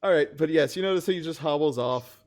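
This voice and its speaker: A man's voice: a little high, brisk. Guy gm narrating a tabletop game, joking around, laughs a lot. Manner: laughs often, loose and joking. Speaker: game master.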